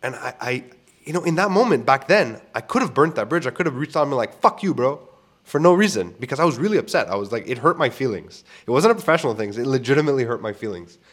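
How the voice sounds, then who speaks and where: A man's voice: medium pitch, lively intonation, quick pace. A young man hosting a podcast, telling candid stories about clients in a casual, profane way with frequent restarts. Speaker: podcast host. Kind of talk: casual storytelling monologue.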